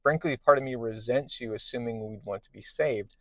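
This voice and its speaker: A man reading the lines of a stern, proud male alien religious leader in a measured, solemn way. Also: mid-range voice, no echo, lightly acted.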